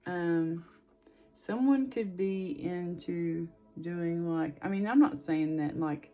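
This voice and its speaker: A woman's voice: lowish voice, warm tone. A woman in her forties giving a casual, chatty tarot reading, rambling with lots of fillers. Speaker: tarot reader.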